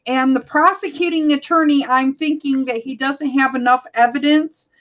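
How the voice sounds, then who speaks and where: High-voiced American woman hosting a chat. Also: steady tone, normal speed. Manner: chatty, reads out live chat comments. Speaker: podcast host. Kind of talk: casual podcast chat.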